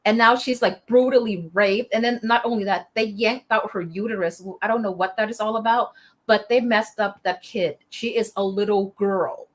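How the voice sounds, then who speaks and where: A woman guest, a military veteran and author, telling a story in an interview with passion, halting often and restarting her sentences. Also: medium pitch, steady tone. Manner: impassioned, halting, many fillers and restarts.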